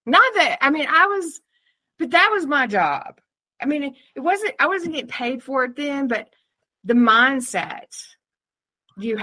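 A woman's voice: high-pitched, sharp tone. A woman co-hosting a podcast, telling candid, profane stories in casual chat and laughing often. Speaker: podcast co-host.

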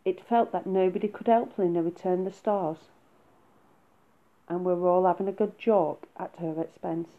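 A woman reading a children's story aloud in a soft, unhurried way. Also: on the low side, fairly even intonation. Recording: phone-like narrow sound.

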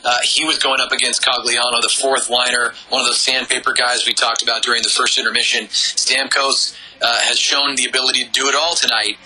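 A man's voice: mid-range voice, level tone, fairly quick, sharp tone, poor audio. A man giving live hockey color commentary, analytical, with frequent "uh"s. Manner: analytical, many filler "uh"s.

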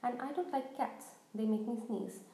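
A woman reading aloud and voicing a big, gruff but kindly groundskeeper with blunt, homely speech. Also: on the high side, normal speed, mellow, echoey room.

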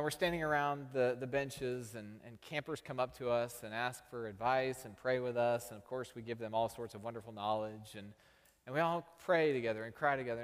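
Pastor preaching in a reverberant sanctuary. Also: male voice, mid-range voice. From Texas. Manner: storytelling with self-deprecating humor. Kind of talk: sermon.

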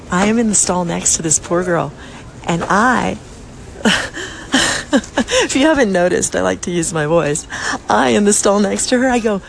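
A woman hosting her own podcast, telling an anecdote in a casual, animated way and laughing often, recorded in a busy airport. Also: mid-range voice, normal speed, creaky. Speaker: podcast host. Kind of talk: casual storytelling monologue.

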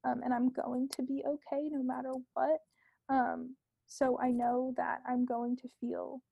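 A young woman, a podcast guest, talking casually and earnestly about herself, with many fillers and soft asides. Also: high voice, little pitch movement, a little slow, vocal fry, slightly rough, dry recording, narrow, tinny audio.

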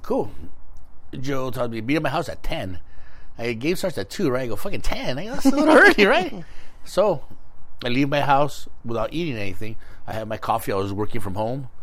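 A man co-hosting a podcast, telling a story in casual, animated chat, laughing often and swearing freely. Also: medium pitch, normal speed. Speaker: podcast co-host.

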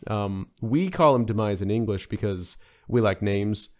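A man's voice: on the low side, unhurried, darkish tone. A man chatting as a podcast guest, rambling with many fillers and restarts. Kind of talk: casual podcast discussion.

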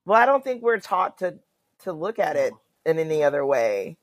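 A woman's voice: low-pitched, big pitch swings, normal speed. Woman cohost just chatting, jumps in with questions, no room echo. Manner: conversational, asks questions, backchannels often. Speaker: podcast co-host. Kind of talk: casual chat.

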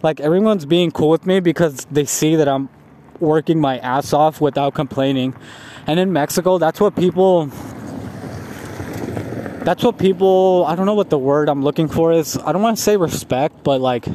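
A man's voice: fairly high pitch, normal speed, dark tone. A young man telling a long, rambling, profane story in a casual vlog, laughing often as he talks. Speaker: vlogger.

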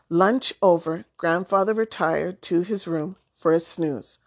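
A woman narrating a children's story aloud in a calm, deliberate way. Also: lowish voice.

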